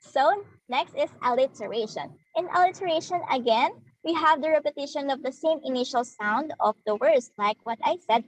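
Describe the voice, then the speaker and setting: A woman's voice: sits high, low-quality recording. A young woman giving a demo lesson, explaining step by step and acting out sounds as examples. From Philippines. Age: young adult. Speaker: student teacher. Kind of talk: demo lesson on figures of speech.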